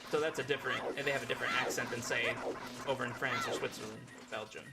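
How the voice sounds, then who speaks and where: A man's voice: mid-range voice, steady tone, quick pace, vocal fry, loud music behind the voice. A man streaming a game and chatting casually with his audience, reading chat aloud and laughing often. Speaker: language teacher.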